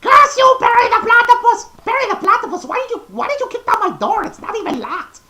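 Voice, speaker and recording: Doctor Doofenshmirtz. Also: male voice, big pitch swings, fast, full character voice. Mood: exasperated. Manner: shrill, yelling, exasperated. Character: frantic, whiny middle-aged male mad scientist.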